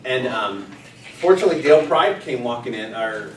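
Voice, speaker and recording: A man, a pastor, telling a funny story to a group in a casual, animated way with bursts of laughter. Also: mid-range voice, fairly quick, a crowd in the background. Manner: animated, laughing storyteller who acts out quotes. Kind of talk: casual anecdote told to a group. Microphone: distant room mic. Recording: echoey room, mic far off, chattering group.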